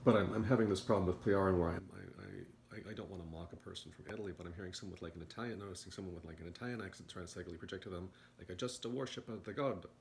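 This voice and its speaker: Low-voiced guy doing a fast stammery morning monologue, roomy echo. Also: fairly even intonation, gravelly, slight background noise. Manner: halting, stammers and repeats words. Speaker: video commentator.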